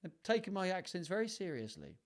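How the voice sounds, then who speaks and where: A man with a high voice and wildly swooping pitch hosts a live storytime, reading aloud at a brisk pace. Between passages he chats playfully with viewers, dropping self-mocking asides.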